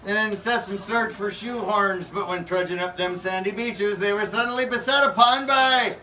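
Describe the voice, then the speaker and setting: A man's voice: sits high, normal speed, sharp tone. A man improvising a silly comic story with an audience, playful and often laughing mid-sentence, outdoors at a faire. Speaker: costumed pirate storyteller at a faire. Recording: distant, noisy outdoor faire recording.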